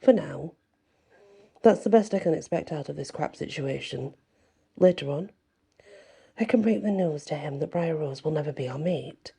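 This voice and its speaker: A woman narrating an audiobook-style story in a soft ASMR reading voice, calm and measured. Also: low-pitched, gravelly, husky.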